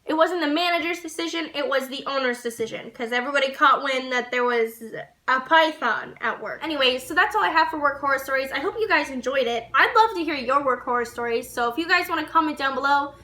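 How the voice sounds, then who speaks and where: Speaking fast with a voice that sits high, a young vlogger recounts a story to camera in a loose, animated style, laughing and cursing as she goes.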